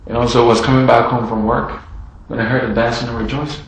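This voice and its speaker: A man preaching a sermon in a dramatic style, acting out the characters' words and swinging between loud, raised passages and hushed ones. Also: medium pitch, little pitch movement, fast, vocal fry, slight background noise. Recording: heavy room echo.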